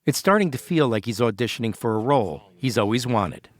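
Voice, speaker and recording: A man narrating a documentary podcast as host in a measured, scripted storytelling voice. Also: medium pitch, expressive, no room sound.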